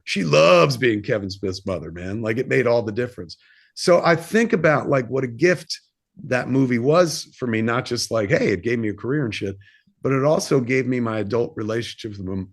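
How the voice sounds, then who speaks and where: A man in his fifties, a filmmaker and podcast guest, telling a personal story in a candid, rambling way, swearing freely and using plenty of fillers. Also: mid-range voice. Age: 50s. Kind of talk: casual interview storytelling.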